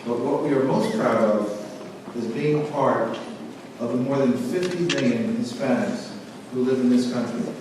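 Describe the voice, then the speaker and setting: A company executive giving a formal, earnest prepared speech to introduce a guest. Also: male voice, medium pitch. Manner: measured, earnest, proud. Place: large reception hall. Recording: echoey hall, from far off, noisy.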